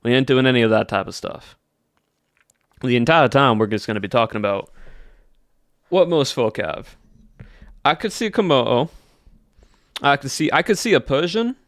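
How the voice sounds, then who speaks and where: A folksy Southern cowboy drawls along to his livestream chat, as a man puts on the accent. The voice stays smooth and clear, recorded close and dry. Words are stretched in a loose country drawl. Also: mid-range voice, animated, normal speed, pauses often, a bit bright, dry recording. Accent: put-on Southern US. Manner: folksy drawl, says y'all.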